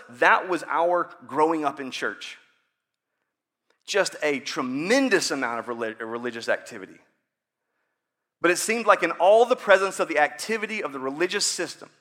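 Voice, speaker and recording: A man's voice: fairly high pitch, very animated, normal speed, a bit bright. A man in his thirties preaching a sermon in a conversational, joking way, acting out prayers. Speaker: pastor.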